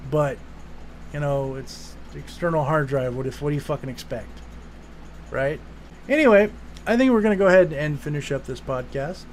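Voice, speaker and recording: Guy hosting a podcast, kinda high voice, rambly and sweary, faint hiss behind. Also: moderate pace. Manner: rambling, swears casually, many restarts. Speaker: podcast host. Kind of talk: casual podcast chat.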